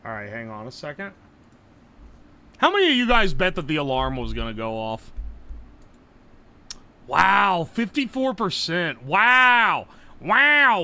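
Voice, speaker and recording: A young man, chatting casually on a live stream, loud and joking, swearing often and laughing a lot. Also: sits high, clear, resonant tone. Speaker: livestreamer.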